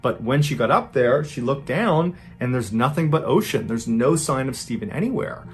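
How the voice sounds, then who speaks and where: A man's voice: mid-range voice, expressive, soft background music. A man hosting a podcast, narrating a true story in a dramatic storytelling style, his voice rising and speeding up as the tension builds. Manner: builds tension, voice rising and quickening in tense moments.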